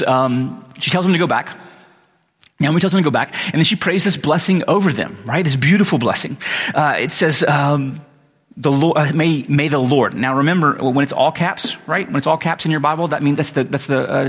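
A man preaching in a casual, conversational way, often pausing to ask "right?" His voice is a little husky, and a long hall reverb trails after each phrase. His pitch sits in an ordinary middle range. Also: a bit bright. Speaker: pastor. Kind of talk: sermon with scripture reading.

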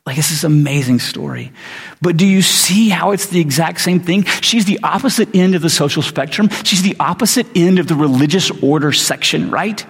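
A man's voice: a little high, animated, a little fast, breathy edge. A man giving a sermon, retelling a story in a casual, conversational way with slangy asides. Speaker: preacher. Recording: long reverb of a large hall.

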